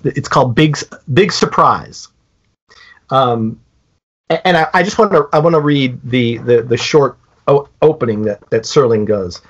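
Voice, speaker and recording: A man co-hosting a podcast, retelling a story in a casual, animated way with many halting restarts. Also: mid-range voice. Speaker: podcast co-host. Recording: dull lo-fi podcast audio.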